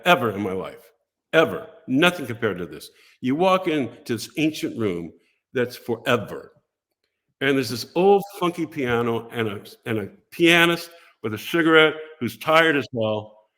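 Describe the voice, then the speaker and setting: An older man tells a long story as a talk show guest, his pitch rising and falling a great deal. He slips into the voices of the people he quotes, keeping the telling animated and theatrical. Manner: lively, acts out voices and quotes in his stories.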